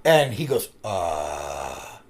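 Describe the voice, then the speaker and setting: A man's voice: low-pitched, very animated, very slow, a little mellow. A man co-hosting a podcast, telling a rambling personal story in casual chat and swearing freely as he goes. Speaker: podcast co-host.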